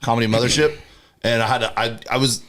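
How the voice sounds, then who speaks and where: A young man rambles through a story on a casual podcast, slipping into quick voices for the people he quotes. His voice sits mid-range, loose and chatty. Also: mid-range voice, fairly even intonation, a bit bright. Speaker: podcast co-host. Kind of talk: casual chat.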